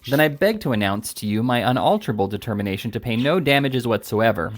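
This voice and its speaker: An earnest, dignified older gentleman in a period story, speaking with sternness, as a man reading a storybook puts him on. His voice sits at an ordinary middle pitch. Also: animated, fast, close to an everyday voice.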